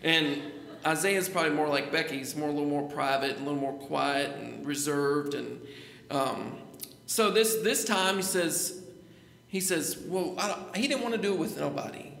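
A man in middle age preaches from the pulpit, calling on the congregation for amens. His voice sits high and sounds bright and forceful, with a gravelly edge. The sound rings out in a church with a long, echoey reverb. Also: normal speed. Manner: preaching with call-and-response, repeating phrases. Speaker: pastor. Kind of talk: sermon. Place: church sanctuary.

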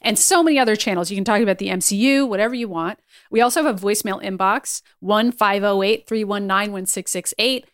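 A woman co-hosting a podcast in casual chat, talking quickly and giggling often. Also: medium pitch, dry recording, clean studio sound. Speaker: podcast co-host.

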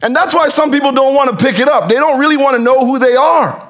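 A man preaching a sermon with fervent rhetorical questions, moving from hushed reading to shouting. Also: very high-pitched, fast talker.

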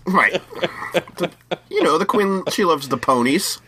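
A man's voice: a little high, expressive, unhurried, bright, forceful tone, breathy edge. A man co-hosting a podcast, rambling and joking through a casual chat. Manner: joking, rambling talk with many fillers. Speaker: podcast co-host.

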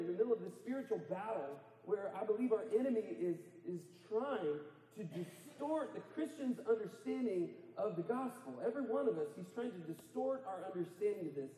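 A man pastor preaches with a high, warm-toned voice, animated and emphatic. His words ring out through a roomy church hall with a long reverb tail. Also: normal speed. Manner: animated, rising to emphatic near-shouts, laughs at own jokes. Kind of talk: sermon. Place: church sanctuary.

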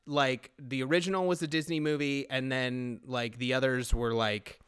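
A man talks loosely on a podcast, circling back and restarting his thoughts as he jokes around. His voice is smooth and clear at a middling pitch. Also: steady tone, normal speed, a bit bright. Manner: rambling, jokey, many restarts. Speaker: podcast co-host. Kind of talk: casual chat.

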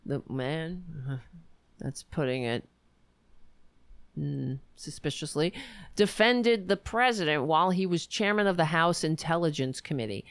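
A woman's voice: low-pitched, animated, a little slow, smooth, no echo. An American woman reading a news article aloud, breaking off with sarcastic asides and stumbling over words. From United States. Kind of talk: casual commentary reading aloud.

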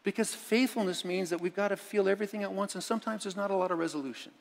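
Pastor, man, middle-aged, preaching in a church with a long echo; slightly high voice, expressive delivery. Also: racing, creaky. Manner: expressive, swings from hushed reading to loud emphatic lines. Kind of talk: sermon. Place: church sanctuary. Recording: church sanctuary with long reverb.

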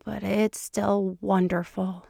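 A woman voicing a teasing man who speaks in a low, even, conversational tone. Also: slow, vocal fry, no room sound, studio quality. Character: teasing wry man, an FBI agent.

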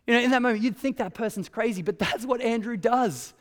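A man preaching a sermon in a church, telling the story conversationally with lively asides. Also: very high-pitched, fast talker, few pauses, big-room sound. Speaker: pastor. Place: church hall.

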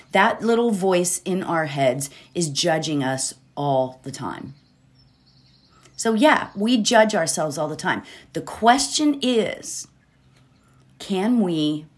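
A woman hosting a positivity podcast, talking casually and rambling a bit, often checking in with "right?" and laughing. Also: on the low side. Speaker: podcast host. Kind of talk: casual motivational podcast talk.

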